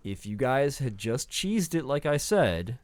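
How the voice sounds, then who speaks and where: Animated man playing a tabletop game. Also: mid-range voice, measured pace, dry recording. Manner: rambling, hesitant. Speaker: player. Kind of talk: casual banter in a tabletop game.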